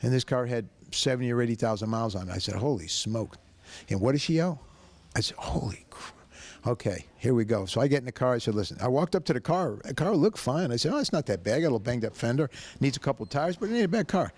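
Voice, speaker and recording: A man pitching his car dealership, telling a story in an emphatic, folksy way. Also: lively intonation, fast, darkish tone. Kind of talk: animated sales pitch and storytelling.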